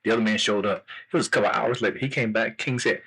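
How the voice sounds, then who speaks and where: A man's voice: medium pitch, fast, few pauses, sharp tone, husky. A man hosting a casual talk show, laughing often and repeating himself as he tells jokes. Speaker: host. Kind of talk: casual chat.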